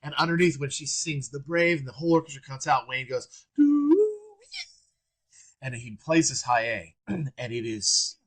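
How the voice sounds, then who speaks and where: A man in a relaxed interview, spinning anecdotes with sudden bursts of energy. His voice sits in a middle register. He talks casually and warmly, in no rush. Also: mid-range voice, brisk, breathy edge. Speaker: guest trumpeter. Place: works around Orange County, California.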